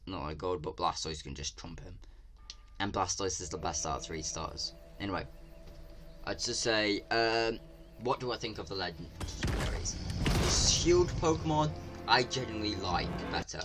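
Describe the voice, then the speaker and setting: A man from England with an English accent, giving casual reaction commentary as a video creator, excitable and ranting, swearing freely. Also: low-pitched.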